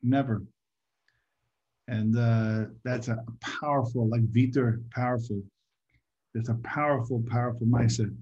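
A man giving an informal Torah talk to a group, halting and repeating his words, sometimes asking the audience questions. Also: medium pitch, steady tone, a little mellow. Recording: muffled lo-fi recording.

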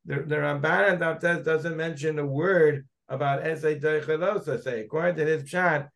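Gravelly rabbi musing through a text. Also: male voice, on the high side, fairly even intonation, normal speed, fairly bright tone. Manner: searching, questioning, digressive. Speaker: rabbi teaching a Talmud class. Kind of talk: thinking-aloud text study lecture.

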